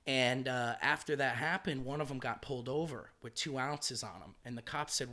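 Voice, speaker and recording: Comedian guest: American man in his thirties, mid-range voice, animated and profane while he spins a yarn. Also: mid-range voice, normal speed. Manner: animated, swearing, acts out quoted voices. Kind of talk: casual storytelling.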